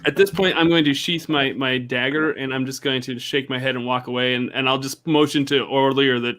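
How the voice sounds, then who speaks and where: A man's voice: mid-range voice, steady tone, a little fast, hardly any pauses, fairly bright tone. Guy at the game table, stumbles over words, casual. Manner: stammering, repeats words. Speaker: player.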